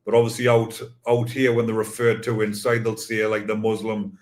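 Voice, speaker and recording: A man hosting a podcast in casual chat, soft-spoken and easygoing. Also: fairly low pitch, completely flat delivery, normal speed. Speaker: podcast host.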